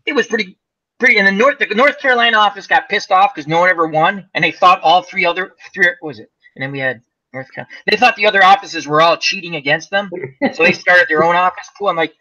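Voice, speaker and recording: A man's voice: high-pitched, quick pace, sharp tone, muffled recording. A man hosting a casual chat, telling rambling stories with lots of fillers. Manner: rambling storyteller, many fillers. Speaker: host.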